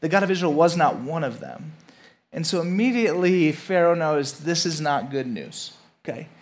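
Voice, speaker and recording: A man's voice: on the high side, expressive, moderate pace. A man giving a casual sermon, conversational, often repeating himself and asking listeners questions. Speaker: pastor.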